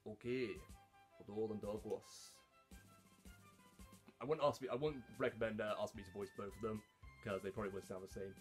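Guy rambling about doing voices, low-ish voice, lots of ums and restarts, faint music under it. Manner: halting, with many fillers and restarts. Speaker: hobby voice actor. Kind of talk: casual talk to camera.

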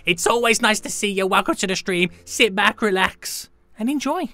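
A young man live-streaming a game, chatting with viewers in a hyped, jokey, animated way. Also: sits high, moderate pace, no echo. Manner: hyped, jokey, animated, greets chat members.

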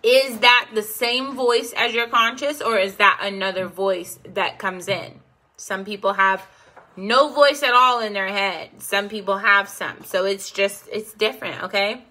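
A woman teaching a meditation class, talking slowly and checking in with listeners by asking "okay?" again and again. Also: mid-range voice, pushed and bright. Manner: slow, repeats "okay?" to check in.

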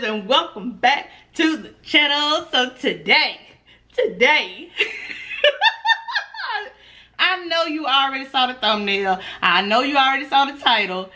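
A woman's voice: high voice, bright, forceful tone. A woman food vlogger, chatting casually and nervously to her viewers, laughing often. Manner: nervous, giggly energy. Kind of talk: casual mukbang vlog.

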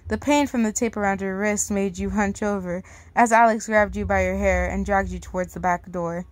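A woman's voice: medium pitch, fairly even intonation, moderate pace, no echo. Outspoken woman reading fan fiction aloud. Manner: casual, outspoken, reacts loudly with swearing. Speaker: story reader.

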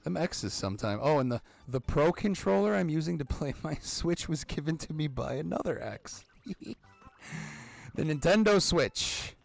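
A man in his thirties hosting a let's-play, excitable and rambling, swearing often and breaking into sudden yelps. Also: on the high side, normal speed, creaky, soft background music. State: out of breath. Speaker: gaming channel host.

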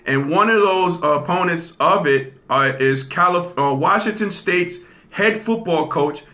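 A male host talks through the news in a loose commentary style, often pausing to ask his listeners "okay?" His voice sits a bit high and has a bright, forceful edge, and he repeats key phrases to drive his points home. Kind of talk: casual commentary.

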